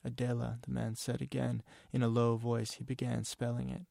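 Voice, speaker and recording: A man reads his own literary fiction aloud with a measured, somber delivery. His voice is low, gravelly and almost monotone, recorded dry and close. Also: no echo. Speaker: author reading his novel. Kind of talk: literary reading.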